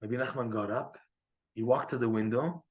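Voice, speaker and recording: A man teaching a Torah class, telling a story in a lively way and acting out the quoted dialogue. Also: fairly quick. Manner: animated, acts out quoted dialogue with raised pitch. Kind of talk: storytelling lecture.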